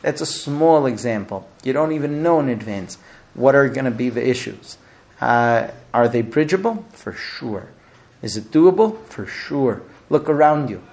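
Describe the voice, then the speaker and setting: Animated man telling marriage anecdotes. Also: medium pitch, unhurried. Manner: animated storyteller, frequent fillers and restarts. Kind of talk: lecture with anecdotes.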